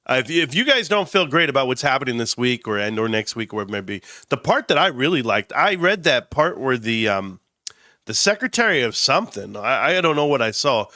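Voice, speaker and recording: A man's voice: mid-range voice, sing-song, a little fast, pushed and bright, dry recording, clean studio sound. A man from California hosting a casual stock market livestream, stuffed up and talking in a rambling, emphatic way with many restarts. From Indio, California. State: stuffed-up nose.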